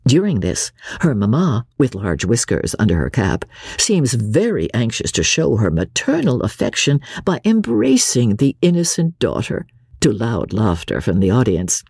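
A woman reads a classic novel aloud in a close, dry studio sound. Her pitch swoops widely as she lifts her voice for quoted characters. Her tone has a soft husk to it. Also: sing-song, moderate pace, husky, dry recording. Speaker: audiobook narrator. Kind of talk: classic novel audiobook reading.

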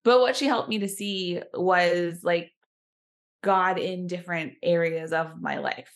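A woman's voice: on the low side, measured pace. A woman, chatting as a podcast guest and using lots of fillers. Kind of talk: casual chat.

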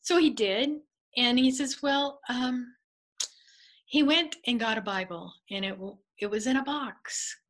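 A middle-aged woman, a guest, telling a personal faith story in an animated way, laughing often and acting out what others said. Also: a little high, measured pace, rough recording.

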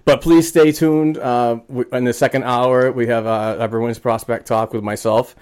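A man's voice: mid-range voice, fairly even intonation, moderate pace, darkish tone, clear, resonant tone. A man hosting a casual sports podcast, rambling with lots of fillers and restarts. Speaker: podcast host.

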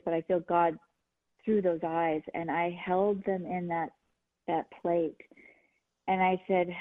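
A middle-aged woman, a guest, telling her personal story in an earnest, halting way with many restarts. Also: lowish voice, no room sound. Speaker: guest, healer and medium. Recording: phone-line sound, dry.

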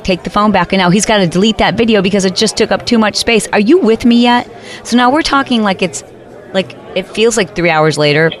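A woman hosts a talk show and tells a story in a casual, animated voice. She slips into quick put-on voices for the people in her story, and a faint crowd murmur sits behind her. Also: fairly low pitch. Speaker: podcast host.

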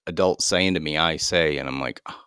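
A man's voice: a bass voice, a little fast, pushed and bright, clear, resonant tone, dry recording, studio quality. A man hosting a podcast in casual chat, laid-back, swearing freely and laughing often. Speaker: podcast host.

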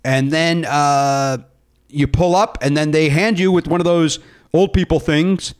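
A man's voice: a little high, steady tone, unhurried, clean tone. A man hosting a casual chat, rambling with lots of fillers and jokes. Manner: rambling, filler-heavy, jokey. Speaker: podcast host.

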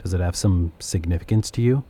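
Husky, scornful alien prisoner. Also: male voice, low-pitched, fairly quick, warm tone. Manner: contemptuous and indignant. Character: proud, irritable male alien prisoner mind. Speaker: alien prisoner sharing a human's mind. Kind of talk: audio drama acting.

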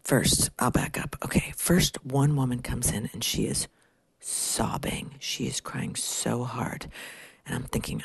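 Brief: low-voiced woman storyteller, husky with a dry close sound. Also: animated, unhurried, darkish tone, dry recording. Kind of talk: comic storytelling monologue.

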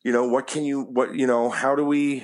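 Talking fairly quickly in a flat, mid-range voice, this acting coach wanders through a casual interview. His speech is loaded with "you know what I mean" and offhand cursing.

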